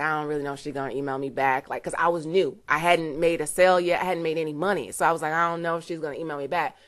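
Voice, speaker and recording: A woman giving an earnest, emotional testimonial to camera, close to tears, with many "you know" fillers. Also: on the low side. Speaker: network marketer giving a testimonial.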